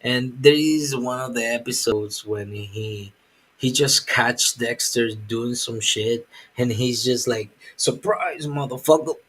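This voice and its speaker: A man's voice: medium pitch, steady tone, slow pace, fairly bright tone, husky, low-quality recording. A man who makes comics, chatting casually on a live stream in a rambling, profane and self-mocking way. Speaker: comic artist.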